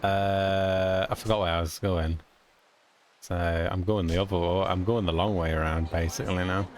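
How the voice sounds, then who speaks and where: A man's voice: sits low, level tone, normal speed, slight background noise. A young British man chatting casually while streaming a game, rambling and chuckling often with mild cursing. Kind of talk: casual chat while gaming.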